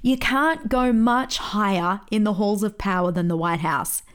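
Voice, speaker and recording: Lively storytelling woman pastor. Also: medium pitch, unhurried, smooth. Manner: lively storyteller, laughs at her own story. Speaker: pastor and podcast host. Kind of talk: podcast teaching with storytelling.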